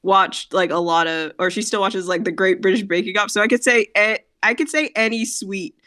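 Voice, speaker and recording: A woman's voice: mid-range voice, steady tone, a little fast, bright, forceful tone. A woman from the New York area, chatting as a guest streamer in a laughing, jokey way. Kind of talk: casual chat.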